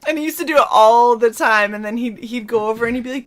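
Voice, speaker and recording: Laughing, animated woman telling stories. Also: a little high, fast talker. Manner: animated storyteller, laughs often, acts out voices. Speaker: stream co-host. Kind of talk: casual chat.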